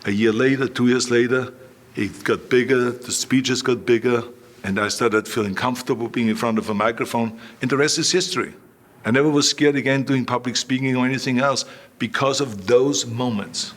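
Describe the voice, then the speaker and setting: A man's voice: medium pitch, moderate pace. Austrian-accented man telling stories. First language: German. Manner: animated anecdotes with quoted voices. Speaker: guest. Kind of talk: storytelling interview.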